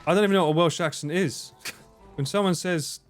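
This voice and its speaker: A man's voice: high voice, a little fast. A man in his forties with an Essex accent, streaming a game live and chatting, swearing and laughing as he plays. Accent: Essex English. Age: 40s. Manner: swearing, joking, laughing often. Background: game music.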